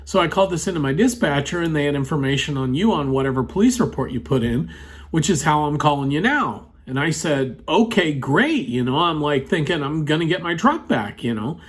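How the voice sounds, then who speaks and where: A man's voice: on the high side, animated, fairly quick, breathy edge. Rambling man telling a story. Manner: rambling, many "you know" fillers. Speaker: vlogger telling a personal story. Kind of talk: casual storytelling. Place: at a computer, indoors.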